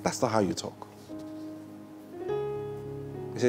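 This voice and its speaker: A man's voice: medium pitch, expressive, normal speed, over music. A man preaching a sermon in a plain, conversational manner, often repeating his phrases.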